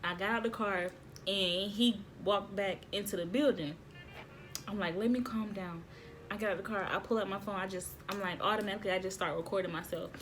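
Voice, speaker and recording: A woman vlogging casually, telling a story to viewers in an excitable way, repeating phrases and laughing often. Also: mid-range voice, fairly quick, a little hiss or hum.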